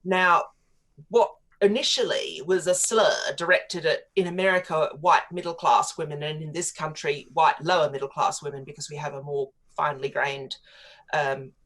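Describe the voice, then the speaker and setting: A woman's voice: deep voice, fairly even intonation, moderate pace, a bit bright. A woman, a political commentator arguing her views at length in a radio interview, articulate and opinionated. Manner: articulate and opinionated, long flowing arguments. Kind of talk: studio interview on talk radio.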